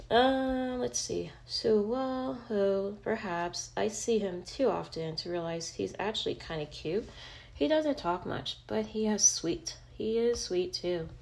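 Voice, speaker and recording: A woman's voice: medium pitch, gravelly, a little mellow. Woman reading as a flustered student girl, thinking aloud, a bit fried. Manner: self-talking, flustered. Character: flustered tired young female student.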